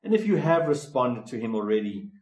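A man preaching a sermon in an earnest, pleading way, slowing down to stress key words. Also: medium pitch, sing-song, a little mellow. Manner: earnest, pleading, slows for emphasis. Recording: echoey room.

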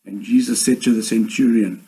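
A man delivering a sermon in a measured, earnest way, with slow emphatic pauses. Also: medium pitch, fairly even intonation, warm tone, poor audio. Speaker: preacher.

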